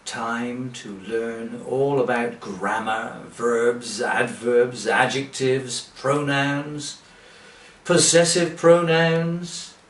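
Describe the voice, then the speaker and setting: Man, teacher, very slow deliberate delivery, distant mic, echoey room. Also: medium pitch, steady tone, a bit bright. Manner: slow, deliberate, with rhetorical questions. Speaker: English teacher. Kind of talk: direct-to-camera sales pitch. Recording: roomy, from away from the mic.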